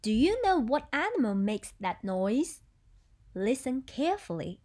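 A woman teacher, telling a story to children in a playful, animated way with animal sounds. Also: a little high, a little slow. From Taiwan. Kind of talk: bilingual storytelling lesson for children.

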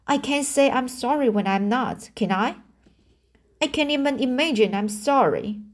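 A woman voicing a stubborn, imaginative young orphan girl, reading her lines slowly and dramatically. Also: a little high, animated, pitched above the performer's own voice. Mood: mournful. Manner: dramatic, pleading, slow halting reading.

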